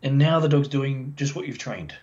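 A man, a dog behaviour expert, explaining as a podcast guest in a chatty, animated way and acting out the voices of dog owners. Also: medium pitch, moderate pace. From Australia. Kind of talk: casual podcast interview. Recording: dull lo-fi sound.

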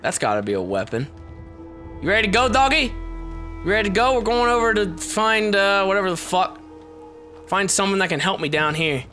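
Excitable shouting let's-play man. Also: sits high, normal speed, long pauses. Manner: excitable, shouty, swears a lot. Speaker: gameplay commentator. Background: game music.

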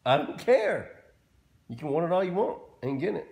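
A man's voice: fairly high pitch, sing-song, fairly quick, vocal fry, darkish tone. A man talking to his pet dog in a casual home video, with playful mock-scolding and back-and-forth as if the dog answers him. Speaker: dog owner.

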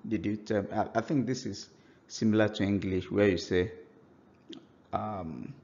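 Male language teacher, low voice, unhurried and patient, dull lo-fi sound. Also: fairly even intonation, darkish tone. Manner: slow, patient explanations, spelling out example phrases. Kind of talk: language lesson.

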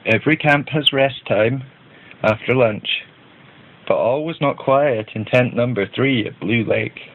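A man narrating a children's storybook in a gentle, even read-aloud manner. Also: medium pitch, measured pace, gravelly. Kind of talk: storybook reading. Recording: tinny phone-like band.

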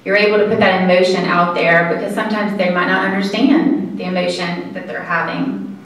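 A woman giving an earnest, conversational lecture to an audience, with halting pauses. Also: lowish voice, steady tone. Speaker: caregiving presenter. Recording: echoey room from far mic.

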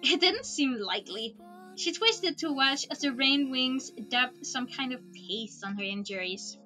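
Woman reading a storybook, relaxed, casual asides, high bright voice. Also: unhurried, faint music behind. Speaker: streamer reading a book aloud. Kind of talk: storybook read-aloud.

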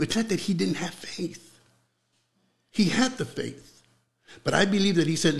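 A young man preaching with fervor in an interview, repeating words as he builds, then dropping to a hushed voice for prayer. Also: a little high, normal speed, vocal fry.

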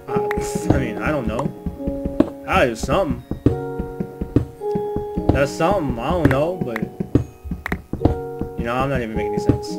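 Rambling man narrating a video game. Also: medium pitch. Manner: rambling, jokey, talks to game animals. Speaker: gamer. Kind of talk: let's-play commentary. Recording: loud music under the voice. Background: loud music.

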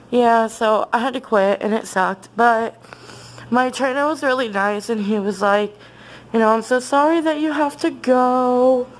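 Slow-talking woman rambling at home. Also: on the high side, rough recording. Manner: rambling, with many fillers and restarts; gushing and easily excited. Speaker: vlogger. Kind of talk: casual vlog chat to camera.

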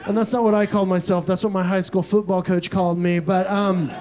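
High-voiced young Texan man doing stand-up. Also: some chatter behind. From Texas. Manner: deadpan absurd storytelling with quick asides. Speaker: stand-up comedian. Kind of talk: live stand-up set. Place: comedy club stage with audience laughter.

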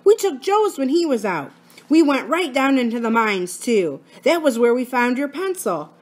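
An eager schoolboy, put on by a woman reading aloud, talking in a raised, bright voice that pushes its words out earnestly. He sounds anxious to please, pleading and explaining in a storybook read-aloud. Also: high voice, sing-song, normal speed, voice pushed up.

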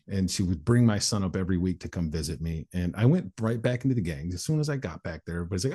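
A man's voice: sits low, animated, fast talker, few pauses, warm tone, breathy edge. A man in his forties, a guest on an interview show, telling his life story candidly and acting out other people's voices. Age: 40s. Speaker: guest, motivational speaker.

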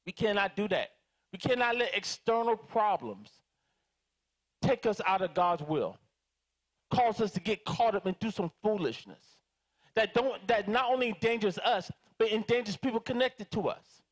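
A man preaching a sermon as pastor, animated and calling out to his congregation for responses. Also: sits high, moderate pace. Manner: animated, dramatizing prayers in different voices.

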